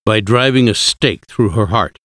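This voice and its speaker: A man's voice: lowish voice, moderate pace, a bit bright, no room sound, studio quality. A man reading the part of an elderly vampire-hunting professor, solemn and firm. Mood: grave.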